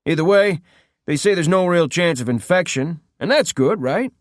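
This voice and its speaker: A male narrator voicing a cruel, drawling male gang leader who talks with mocking, menacing calm. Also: a little high, moderate pace, dry recording, clean studio sound, voice pushed up, close to an everyday voice.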